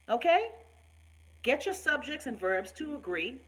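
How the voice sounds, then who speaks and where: A woman's voice: high voice, sing-song, measured pace, breathy edge, low-quality recording. Outspoken Bahamian woman hosting live. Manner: outspoken and profane, reacting to viewer comments. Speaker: host of a live online talk show. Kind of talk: casual live-stream rant.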